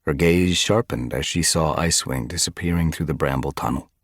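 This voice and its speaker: A man narrating an animal adventure audiobook in an expressive storytelling manner. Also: a bass voice, fairly quick, dry recording, studio quality. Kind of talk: scripted narration.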